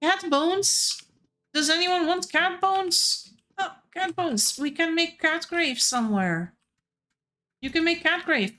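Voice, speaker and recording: A woman streaming a game in a casual, playful way, chatting with other players and her viewers. Her voice is bright and sits a little high, and she talks slowly and unhurriedly.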